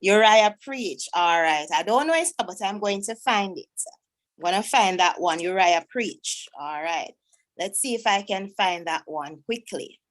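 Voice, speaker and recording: A woman's voice: medium pitch, animated, a little slow. A woman, a teacher chatting to pupils in a self-deprecating way while she searches for a poem. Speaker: teacher hosting a school event. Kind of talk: casual talk to pupils online.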